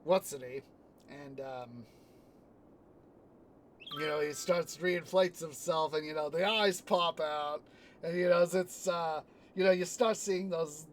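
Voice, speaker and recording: Slow and steady in tone, with frequent pauses, this slightly high-voiced man streams a city-building game and makes rambling casual talk. He retells movie scenes with sound effects, restarting often and leaning on fillers, against slight background noise.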